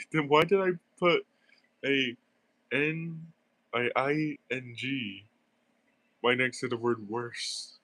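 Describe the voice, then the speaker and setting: A young man with a stuffy nose talks a game stream through in a slow, meandering way, full of fillers and little laughs. His voice sits at an everyday middle pitch, close to the mic in a dry, dead-sounding room. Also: bright, forceful tone, no echo. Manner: rambling, filler-heavy, giggly. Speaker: gaming streamer. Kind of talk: casual gameplay commentary.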